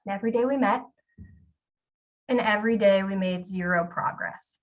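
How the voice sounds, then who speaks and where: A woman's voice: mid-range voice, moderate pace, far from the mic. Candid woman telling a story on stage. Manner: candid, self-deprecating, with filler ums. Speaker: keynote speaker. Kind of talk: storytelling talk.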